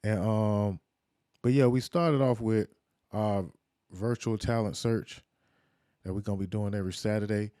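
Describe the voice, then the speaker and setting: A man hosting his podcast in a loose, relaxed chat, leaning on fillers and slang. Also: fairly low pitch, moderate pace, pauses often, smooth, no room sound, studio quality. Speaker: podcast host.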